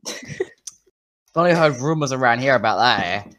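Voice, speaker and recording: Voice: mid-range voice, expressive, unhurried, a bit bright, a little hiss or hum. A game master putting on a Canadian tavern keeper. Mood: folksy. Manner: ends every sentence with a questioning "eh". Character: gruff male tavern keeper with a Canadian accent. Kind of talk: game master voicing a character.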